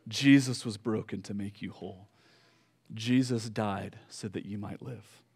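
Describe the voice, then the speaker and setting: Man preaching a sermon with storytelling pauses. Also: lowish voice, steady tone, darkish tone, husky. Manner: storytelling, pausing with fillers. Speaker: pastor.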